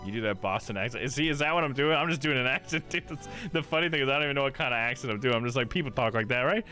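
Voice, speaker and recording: A man's voice: mid-range voice, very fast, sharp tone. A man streaming a game live, chatting in a laid-back, jokey way. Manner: laid-back, jokey, says dude a lot. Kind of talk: casual live-stream commentary. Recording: game music behind.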